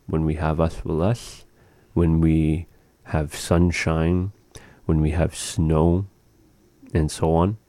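Slow, deep-voiced man teaching words. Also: dark tone, no echo. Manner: slow, patient, repeating words for practice. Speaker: language teacher. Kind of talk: language lesson.

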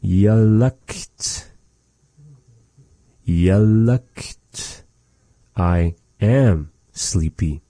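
Man, very low dark voice, unhurried patient teacher repeating words, dry close mic. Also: dry recording. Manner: slow, patient, repeats each word, folksy asides. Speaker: language teacher. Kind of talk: slow vocabulary lesson with repeated words.

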